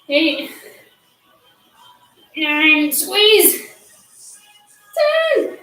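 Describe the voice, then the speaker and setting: A high-voiced woman coaches a workout class at an unhurried pace, counting reps and tossing out playful encouragement. She is heard from a distance in an echoey room, with faint music underneath. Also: sharp tone. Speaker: fitness instructor. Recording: echoey room, voice far from mic.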